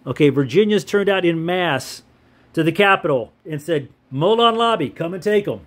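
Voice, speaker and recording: A man's voice: fairly high pitch, darkish tone. Older man chatting over a map. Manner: chatty, rhetorical questions, chuckling asides. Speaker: veteran commentator. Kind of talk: casual commentary over a map.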